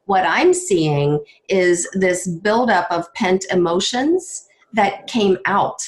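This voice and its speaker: A woman's voice: medium pitch, slow pace, a little hiss or hum. A woman hosting a podcast, explaining things in a reflective, affirming way. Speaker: podcast host. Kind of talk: conversational interview.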